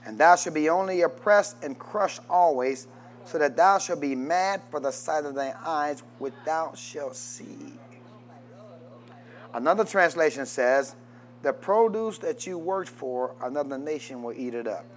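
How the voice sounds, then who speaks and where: A man preaching a sermon, reading scripture and rising into shouted call-and-response with the congregation. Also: on the high side, lively intonation, unhurried.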